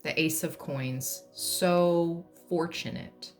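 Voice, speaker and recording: Woman tarot reader, low voice, unhurried, playful, soft music behind. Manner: playful, laughs to lighten things, breaks into humming and song. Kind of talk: pick-a-card tarot reading.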